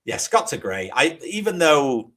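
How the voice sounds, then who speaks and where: A man's voice: fairly high pitch, sing-song, measured pace, a bit bright. An English man co-hosting a casual podcast chat over a remote call, laughing often and swearing casually. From England. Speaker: co-host.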